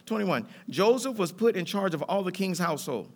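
A man's voice: high-pitched, animated, moderate pace. A middle-aged male pastor, preaching a sermon with rising fervor and a loose, rhythmic, colloquial delivery. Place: church sanctuary.

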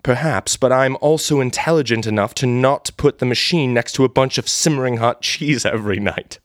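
A man's voice: mid-range voice, a little fast, no echo, clean studio sound, pitched above the performer's own voice, natural voice. A man voicing a pompous, short-tempered male factory boss in a live story reading. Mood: haughty. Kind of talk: live reading of an AI text adventure.

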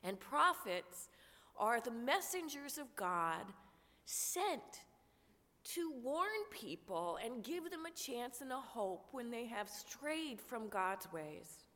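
Slow-speaking woman pastor with a cold. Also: fairly high pitch, sing-song, sharp tone. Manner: slow, measured, prayerful. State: has a cold, coughing. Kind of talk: sermon. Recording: long church reverb.

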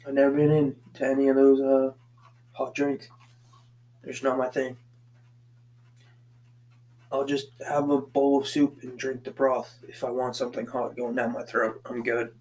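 A man's voice: mid-range voice, little pitch movement, normal speed, long pauses, a little mellow, rough recording. Profane rambling man hosting a podcast. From Boston area, USA. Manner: profane, meandering, swears constantly. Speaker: podcast host. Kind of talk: casual solo podcast rambling. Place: basement, pacing back and forth.

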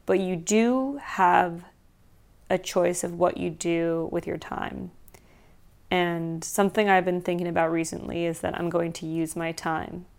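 A woman hosts her own show alone, her voice sitting a little low and full of vocal fry. She talks casually with a sardonic, animated edge and slows into softer reflection at times. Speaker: podcast host. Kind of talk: casual solo commentary.

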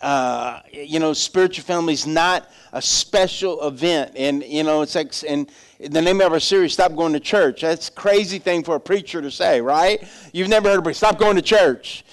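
High-voiced man preaching a casual sermon. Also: moderate pace. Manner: conversational storytelling preacher, acts out voices in anecdotes. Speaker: pastor.

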